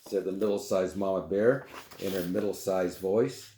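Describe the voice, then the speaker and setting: A man's voice: low-pitched, normal speed, warm tone, a little hiss or hum. A man reading a children's storybook aloud, with chatty asides. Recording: roomy echo.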